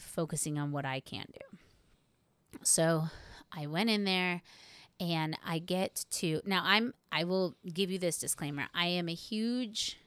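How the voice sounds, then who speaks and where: Woman podcast co-host, casual storyteller, slightly low voice, dry close sound, swears freely. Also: clear, resonant tone, dry recording. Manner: lively storyteller, swears casually, acts out her own past thoughts.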